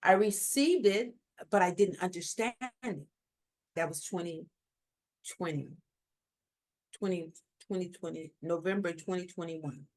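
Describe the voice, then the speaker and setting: A woman guest telling a personal story in a lively way, often checking in with "right?". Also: fairly low pitch, unhurried. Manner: lively, tag questions like "right?". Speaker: guest telling her near-death story.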